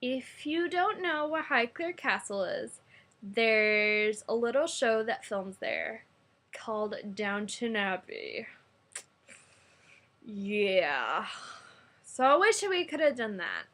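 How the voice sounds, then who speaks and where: A woman's voice: fairly high pitch, animated, takes it slowly, fairly bright tone. A young American woman chatting casually to camera in a vlog, bubbly and talkative, her volume jumping up and down. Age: young adult. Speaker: vlogger.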